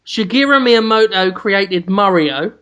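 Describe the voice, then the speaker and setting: A man co-hosting a casual comedy podcast, listing absurd complaints in a deadpan, mock-serious way. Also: high voice, unhurried, clean tone. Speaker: podcast co-host.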